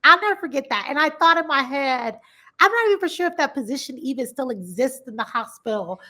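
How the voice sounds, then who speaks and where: High bright-voiced woman host. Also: brisk. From Compton, Los Angeles. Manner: animated storytelling, acts out quoted voices. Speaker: podcast host. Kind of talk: casual interview conversation.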